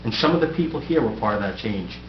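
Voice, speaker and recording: A man's voice: fairly low pitch, lively intonation, quick pace. A middle-aged man, an outgoing mayor, giving a prepared farewell speech from a council dais with wry, self-deprecating humor. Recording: echoey, dull, noisy room recording.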